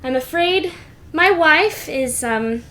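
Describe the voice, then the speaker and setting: A woman's voice: high voice, lively intonation, takes it slowly, pushed and bright, voice pushed up, full character voice. A woman playing a giggly jolly duke. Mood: genial. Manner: genial and a bit scatterbrained.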